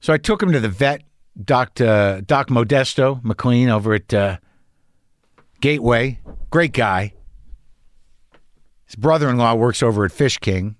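A man's voice: mid-range voice, measured pace, pauses often, no echo, studio quality. A man telling a rambling, anxious story in a casual monologue, swearing and restarting often, as a podcast host.

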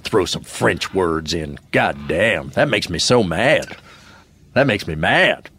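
A man's voice: deep voice, expressive, slow, a bit bright, a little hiss or hum, heavily acted. A man playing a cranky, swearing cowboy poet who hosts a comedy podcast, with folksy rural talk. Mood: indignant. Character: cranky male cowboy poet, gruff and defensive. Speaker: podcast host.

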